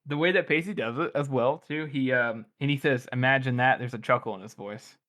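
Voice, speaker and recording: A man's voice: medium pitch, fairly quick, a bit bright. A man co-hosting a book podcast, talking through a scene in a thoughtful, hesitant way with plenty of fillers. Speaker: podcast co-host. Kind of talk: casual book discussion.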